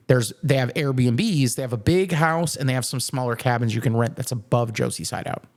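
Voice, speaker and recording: A man's voice: mid-range voice, a little mellow. Young male podcast host, profane and rambling, casual storyteller.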